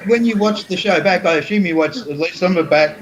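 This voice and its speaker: Man, host, high voice, light and joking questions. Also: quick pace, a crowd in the background, rough recording. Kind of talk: casual panel chat.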